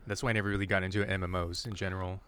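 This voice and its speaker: Low, bright-voiced man chatting fast. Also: little pitch movement, slight background noise. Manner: hesitant, repeats words. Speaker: podcast co-host. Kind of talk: casual chat.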